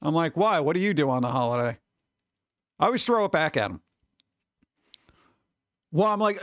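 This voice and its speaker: A man's voice: a little high, expressive, moderate pace, pauses often, fairly bright tone, no echo, dull audio. A man streaming live, chatting casually and rambling as he reads comments from chat aloud.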